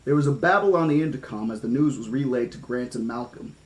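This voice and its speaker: A man reading a novel aloud on stream, chatting excitedly with viewers between passages. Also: medium pitch, fast. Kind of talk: audiobook reading with chat shout-outs.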